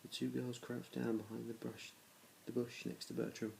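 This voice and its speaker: A man's voice: mid-range voice, level tone, normal speed, vocal fry, darkish tone, a little hiss or hum, rough recording. A man reading a children's storybook aloud to his children, in a plain reading voice with small restarts. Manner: plain reading with small restarts, little change between characters.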